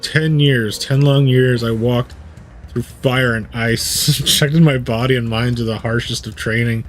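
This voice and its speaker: Man doing a stern honor-bound fighter out for revenge, slow and formal, game cutscene read-along. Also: mid-range voice, steady tone, faint music behind, natural voice. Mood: solemn vengeful. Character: proud vengeful male martial-arts rival, grave and formal.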